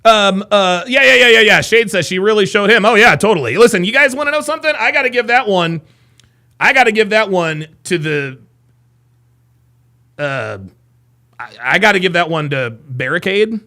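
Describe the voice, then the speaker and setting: A man's voice: high voice, animated, normal speed, pushed and bright. A man hosting a live stream, reacting to clips with exasperated, profane commentary.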